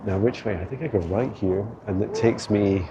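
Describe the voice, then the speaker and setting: A man's voice: lowish voice, normal speed, muffled recording, very noisy. A man rambling casually while walking outdoors through city streets, filming on a handheld phone, chatty and laughing often. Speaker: vlog host. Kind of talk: walking tour vlog.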